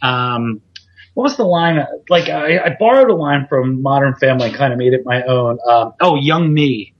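Podcast host, male wrestler, husky, rambling and self-deprecating, slightly dull recording. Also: mid-range voice, animated, moderate pace. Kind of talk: casual chat.

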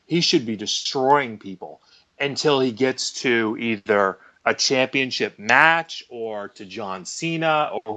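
A man's voice: mid-range voice, sharp tone. A man holding forth on a podcast panel, emphatic and sure of his opinions. His voice sits in an everyday middle range. He leans on his key points. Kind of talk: casual panel chat.

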